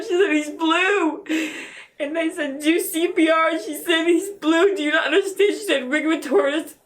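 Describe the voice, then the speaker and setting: A woman's voice: very high-pitched, a bit bright, recorded from a distance. A grieving woman in an interview, crying and laughing through tears as she tells a personal story. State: tearful. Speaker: interview guest. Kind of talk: emotional personal testimony.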